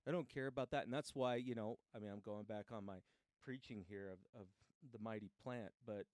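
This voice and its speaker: A man's voice: on the low side, steady tone, fairly quick, darkish tone, dry recording, clean studio sound. A man hosting a casual chat, a laid-back, profane storyteller who acts out the people he quotes, raised in a Mexican household. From Mexican upbringing. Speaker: podcast host.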